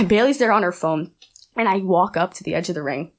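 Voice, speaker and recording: Chatty young woman telling a story. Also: fairly low pitch. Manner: rapid, animated, many fillers. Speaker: guest, aspiring wrestler. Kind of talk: casual storytelling chat.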